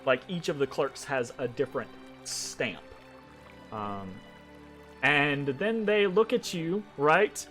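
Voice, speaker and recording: A man's voice: a little high, lively intonation, slow, fairly bright tone, faint music behind. A man narrating a tabletop game as game master, hesitant and full of ums and restarts.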